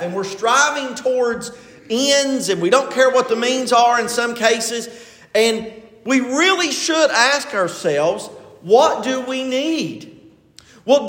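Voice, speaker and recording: High-voiced older preacher in an echoey hall. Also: male voice, a bit bright. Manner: folksy storytelling, retelling a TV episode. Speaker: pastor. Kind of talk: sermon.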